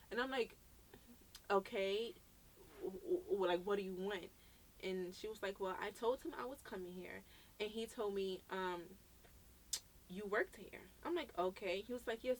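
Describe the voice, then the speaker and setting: Over slight background noise, a Brooklyn woman with a mid-range voice speaks at a moderate pace. As a podcast co-host, she relates a story casually and animatedly, voicing the dialogue herself and swearing freely.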